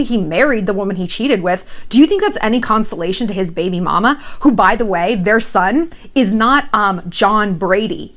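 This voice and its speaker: A woman's voice: mid-range voice, fairly bright tone. A young woman hosting her own vlog, giving celebrity gossip and relationship advice in a blunt, profane, sassy way. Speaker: vlogger host.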